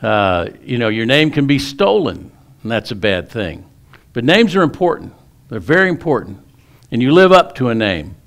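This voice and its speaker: A man's voice: mid-range voice, very animated, normal speed, a bit bright. A male pastor preaching a sermon in a folksy storytelling way, often restarting his sentences.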